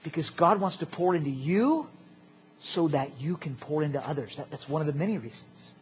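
A man preaching a sermon as pastor, animated and jokey, swinging between loud outbursts and quiet asides. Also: on the high side, fairly quick, a little hiss or hum.

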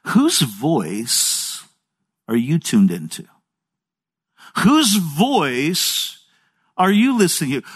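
A man in his sixties, a pastor preaching a sermon in a conversational storytelling way with folksy asides. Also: high voice.

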